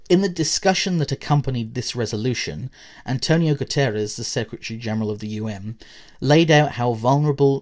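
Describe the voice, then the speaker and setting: A man with a middle-pitched voice reads a prepared academic essay for his podcast, working through long quoted passages. He lifts his voice at each new point and lets it sink quietly at the ends of sentences. Now and then he breaks off into a casual aside to the listener. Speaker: podcast host. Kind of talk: reading a prepared essay on politics.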